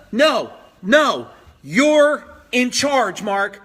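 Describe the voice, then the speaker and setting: A man's voice: very high voice, moderate pace. A man hosting a motivational business live stream at home, reading out viewer comments and pushing them hard with repeated phrases. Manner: energetic, pushy, repeats phrases for emphasis.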